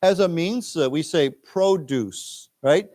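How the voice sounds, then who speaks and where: An American man teaches an English class in a library lecture room. His voice sits a bit high for a man. He reads news phrases slowly and deliberately for students to echo, then explains vocabulary patiently. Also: darkish tone.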